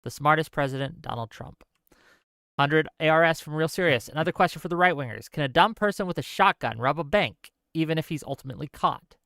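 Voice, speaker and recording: Smooth-voiced man reading donations. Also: fairly high pitch, lively intonation, sharp tone, dry recording, studio quality. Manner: reads paid messages aloud in a brisk run. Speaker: stream host reading donations. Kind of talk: casual live-stream chat.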